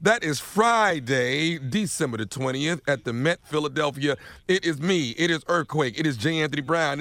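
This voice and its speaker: A man's voice: a little high, a bit bright, no room sound. A man hosting on the radio, hyped and playful as he plugs a show. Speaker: radio host. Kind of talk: radio promo talk.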